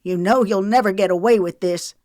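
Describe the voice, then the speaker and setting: A woman voicing a nervous, cornered young man who talks fast and loud, in an audiobook reading. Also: mid-range voice, expressive, dry recording, clean studio sound, voice pushed up. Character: agitated young man lashing out in panic.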